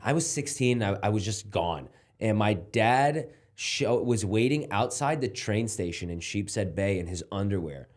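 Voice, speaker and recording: A man's voice: fairly low pitch, moderate pace. A young man, a comedian guest telling profane stories in casual podcast banter and laughing as he goes. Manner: animated, profane, laughs through his stories.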